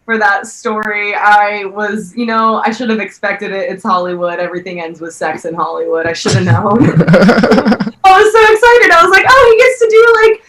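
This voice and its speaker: A woman's voice: mid-range voice, very animated, fairly quick, fairly bright tone, slight background noise. A woman co-hosting a comedy chat, reacting to a story with amusement. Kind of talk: casual chat. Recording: roomy, distant mic.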